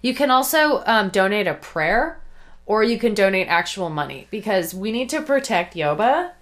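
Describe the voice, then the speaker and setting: A woman's voice: mid-range voice, animated, moderate pace, fairly bright tone. A woman co-hosting a casual podcast chat, sarcastic and mocking, often slipping into impressions. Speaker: podcast co-host.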